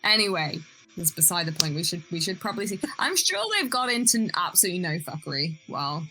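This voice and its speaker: A female player at a tabletop game who jokes in a casual way. Her voice sits fairly low and sounds bright, with faint music underneath. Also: expressive, fast talker, low-quality recording. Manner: casual, joking table talk.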